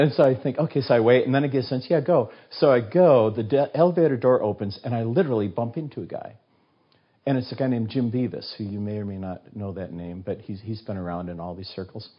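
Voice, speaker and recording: Older guy w a husky low voice, storytelling in an interview, does all the voices, kinda muffled sound. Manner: animated storyteller who acts out quoted voices. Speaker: guest author. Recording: dull, muffled recording.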